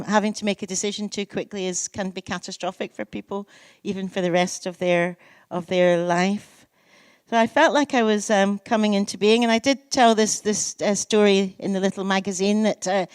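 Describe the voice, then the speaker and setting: A Scottish woman in her sixties, a poet giving a public lecture, telling lively, self-mocking stories and savouring lists. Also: medium pitch, clear, resonant tone, dry recording. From Scotland. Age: 60s. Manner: lively storytelling, self-mocking asides, lists delivered with relish. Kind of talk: public lecture with anecdotes and readings.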